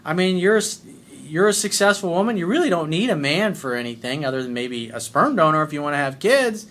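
A man's voice: fairly high pitch, lively intonation, a little fast, a bit bright. A middle-aged man giving blunt, profane dating advice as the host of his own show.

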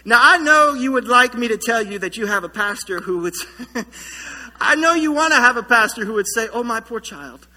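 A man preaching a sermon as pastor in a church, telling a story with lively humor. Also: extremely high pitch, normal speed, in a large hall. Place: church sanctuary.

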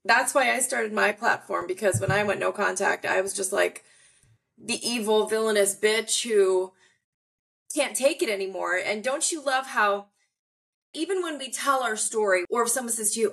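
A woman host talks in a bright, sharp voice with a gravelly edge. She is emphatic and outspoken, swearing now and then in a casual podcast conversation. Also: mid-range voice, moderate pace.

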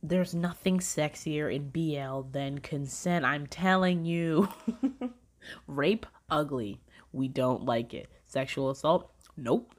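A woman with a low-pitched voice talking in a loose, chatty vlog style. She gushes excitedly, leans on filler words, laughs often and swears now and then. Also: slow. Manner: gushing and excitable. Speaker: vlogger reviewing dramas. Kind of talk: casual chat.

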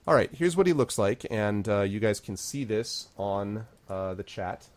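Running a tabletop game on stream through a video-call microphone, this game master rambles, jokes at his own expense and laughs a lot while narrating. He has a lowish voice with lively intonation, speaking a little slowly.

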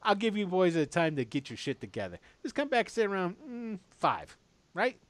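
A man voicing a chatty male tavern boss in a tabletop game, talking in quick salesman patter. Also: high-pitched, sing-song, no echo. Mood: wheedling.

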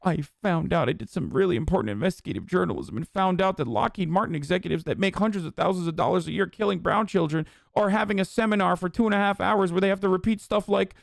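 Guy ranting with tons of swearing, sarcastic, kinda high voice, dry close sound. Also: quick pace, creaky, hardly any pauses, no echo. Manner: heated, sarcastic, swears constantly. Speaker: streamer reacting to a clip. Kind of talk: profane political commentary.

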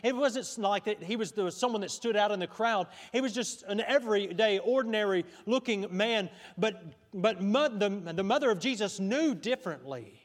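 High-voiced pastor in a reverberant church. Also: male voice, animated, moderate pace, hardly any pauses. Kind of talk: sermon. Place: church sanctuary. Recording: long church hall reverb.

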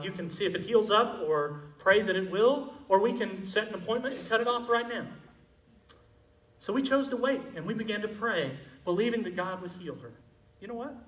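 A male pastor preaching a sermon, moving between loud, emphatic passages and quiet, intimate ones. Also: high-pitched, reverberant, far from the mic, low-quality recording.

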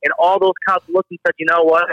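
A young man from the Detroit area talks in a casual podcast chat, his voice bright and forceful as he tells animated stories full of filler. The audio is dry and slightly dull, like a lo-fi home setup. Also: a little high, fast, no echo. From Detroit area, Michigan. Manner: animated storytelling, heavy filler words. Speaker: guest.

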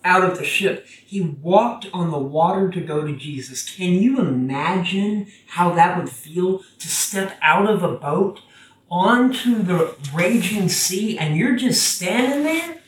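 A preacher giving a casual, conversational sermon that gets animated when quoting scripture. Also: medium pitch, takes it slowly, slight background noise. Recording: roomy, from a distance.

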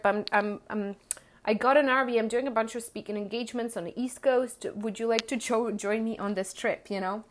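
A woman's voice: on the high side, a bit bright. A woman, a coach and entrepreneur, candidly telling a rambling personal story and acting out what she and others said. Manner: candid, rambling, acts out her own quotes.

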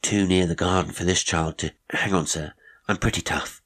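A man's voice: deep voice, steady tone, normal speed, a bit bright, husky. A man voicing a half-shy, sly teenage boy who confides hints in slangy, polite talk. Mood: confiding.

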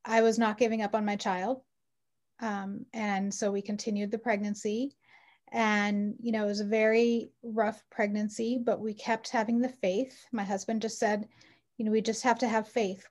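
This mother in her forties speaks as an interview guest, telling her personal story earnestly and from the heart, with frequent ums. Her voice is medium in pitch and a little mellow.

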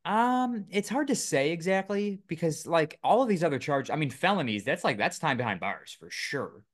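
A man's voice: fairly high pitch, big pitch swings, moderate pace. A man co-hosting a casual podcast, reading news items aloud with lots of fillers and joking asides. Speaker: podcast co-host. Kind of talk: casual chat.

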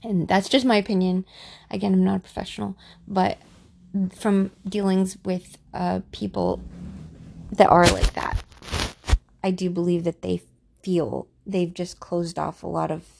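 A woman talking casually about her personal experiences, offering her opinion in a halting way with restarts and fillers. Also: fairly low pitch, creaky, noisy background. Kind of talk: casual monologue.

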